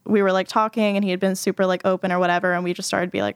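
A woman's voice: on the low side, little pitch movement, very fast, clean tone, no room sound, clean studio sound. A woman guest in a casual interview, telling personal stories in a chatty way full of fillers, speaking indoors at home. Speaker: interview guest, former sex worker. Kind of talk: casual conversational storytelling. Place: indoors in a house.

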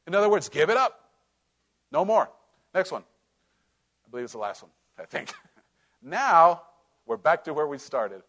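A man preaching a sermon as pastor, animated and conversational, laughing and swinging between loud and soft. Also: on the high side.

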